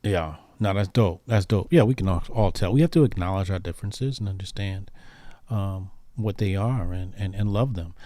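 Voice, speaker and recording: A man's voice: low-pitched, moderate pace, mellow, no room sound. A man hosting a casual talk show, speaking in an emphatic, provocative, slangy way. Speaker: host. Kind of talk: casual commentary chat.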